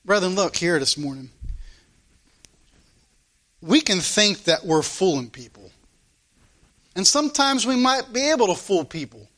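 A man's voice: high voice, big pitch swings, unhurried, long pauses, a bit bright. A man preaching a sermon to his congregation, fervent and repetitive, stretching out key phrases for emphasis. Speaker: pastor.

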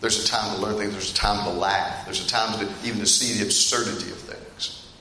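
A middle-aged man preaching a sermon in a church, talking straight to the congregation and telling stories in an animated way that gets him laughing. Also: fairly low pitch, brisk. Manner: storytelling, animated and laughing at funny parts; addresses the congregation directly. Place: church hall. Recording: echoey hall with faint room noise.

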